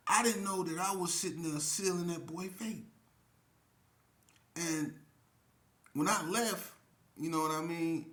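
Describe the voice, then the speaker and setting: Man, bright voice, echoey room, street slang, loose rambling storytelling. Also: a little high, unhurried, pauses often. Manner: streetwise slang, many fillers, acts out quotes. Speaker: storyteller recounting prison life. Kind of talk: casual storytelling.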